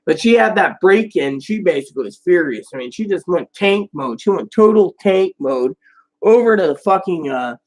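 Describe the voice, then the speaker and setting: A woman's voice: on the low side, expressive, moderate pace, darkish tone. A woman vlogger telling a long, rambling and profane story about a hospital visit. She talks in heated casual chat. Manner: acts out others' lines in changed voices.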